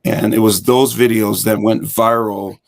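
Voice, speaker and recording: Slightly slow and on the low side, this man's voice carries vocal fry. As a hip hop fitness instructor guesting on an interview show, he casually relates his story, animatedly performing the dialogue he quotes.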